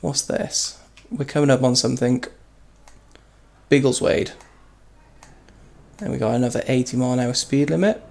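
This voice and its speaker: A man's voice: mid-range voice, moderate pace, gravelly, pauses often, darkish tone, rough recording. A man chatting casually while playing a train simulator, rambling through stories and laughing at himself. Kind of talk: casual gameplay commentary and storytelling. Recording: game noise behind the voice. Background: train simulator engine and rail sounds.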